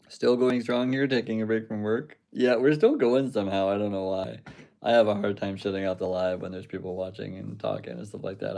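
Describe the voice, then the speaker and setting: A man's voice: fairly low pitch, vocal fry, mellow. A young adult man hosting a casual livestream, reading chat aloud and rambling with loose swearing and laughs.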